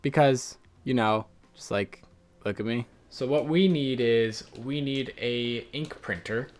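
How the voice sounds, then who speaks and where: A man's voice: medium pitch, unhurried, soft background music. A young man from Ireland narrating and commenting on his gameplay in a joking, self-deprecating way. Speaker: gaming video host.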